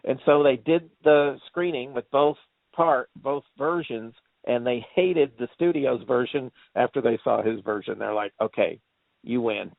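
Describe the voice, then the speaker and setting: Gravelly man rambling over a tinny line. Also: medium pitch, measured pace, no room sound. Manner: rambling storyteller, acts out quotes, laughs often. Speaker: co-host movie reviewer. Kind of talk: casual movie chat. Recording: tinny phone-like line, dry.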